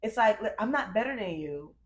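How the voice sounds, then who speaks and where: A young woman talks candidly on a casual podcast, her voice sitting at a middling pitch. She is emphatic and circles back on her own phrases, calling her co-host "girl" and "baby". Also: expressive, brisk, roomy sound. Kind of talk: casual chat.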